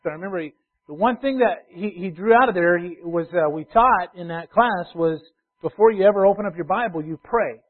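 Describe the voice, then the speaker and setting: A male pastor preaching a sermon, emphatic and repetitive, swinging from loud urging to quiet asides. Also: high-pitched. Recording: tinny phone-like sound.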